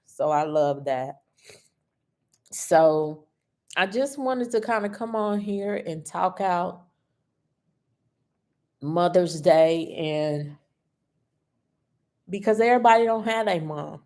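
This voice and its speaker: A woman host chatting casually on a livestream, emotional and tearful, often laughing softly. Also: on the low side. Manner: slow, emotional and personal, with frequent laughs. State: tearful, grieving.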